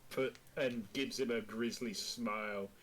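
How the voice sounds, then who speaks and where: A man's voice: medium pitch, fairly even intonation, unhurried, a bit bright. A man playing a tabletop game, describing his character with laughs and swearing. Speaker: player.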